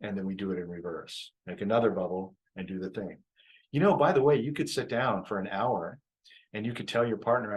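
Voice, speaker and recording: Speaking a little fast in a fairly low voice, a relationship coach talks casually on a live stream about relationships. He laughs easily, reflects aloud, and tends to repeat phrases, heard through a low-quality recording.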